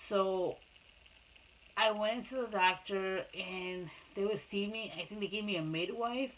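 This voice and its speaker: A woman's voice: medium pitch, unhurried, dull audio. A woman and mother telling her own life story to camera in a casual, rambling way, repeating herself and restarting often. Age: adult mother.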